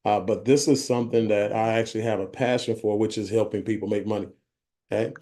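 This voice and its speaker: A man's voice: fairly low pitch, fairly even intonation, quick pace, warm tone. A man giving a conversational business presentation to a group, often checking in with his listeners. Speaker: company vice president presenting.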